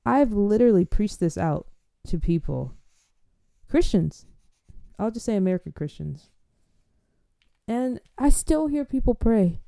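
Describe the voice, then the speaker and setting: A woman talking casually about prayer and faith, animated and teasing, with a preachy edge and frequent laughs. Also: mid-range voice, moderate pace, creaky, no echo. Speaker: faith vlogger.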